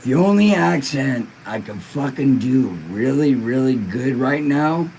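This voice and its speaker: A man's voice: mid-range voice, expressive, a little slow, gravelly, a little mellow, slight background noise, poor audio. A laid-back man hosting a live-stream podcast, stoned and in pain, reading viewer comments in a rambling, profane way. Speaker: livestream podcast host.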